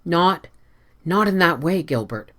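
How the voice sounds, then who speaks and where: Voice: lively intonation, unhurried, a bit bright. A reader voicing an imaginative, emotional young woman in an audiobook, speaking in a raised, pleading way. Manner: breathless, pleading, high-strung. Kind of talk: audiobook character voice.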